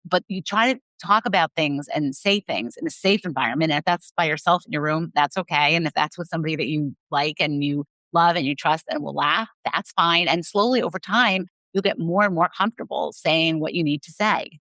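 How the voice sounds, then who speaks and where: A woman's voice: sits low, brisk, few pauses, a bit bright, dry recording. A woman sex therapist speaking frankly as a guest on an interview podcast, telling personal stories in a candid, open way.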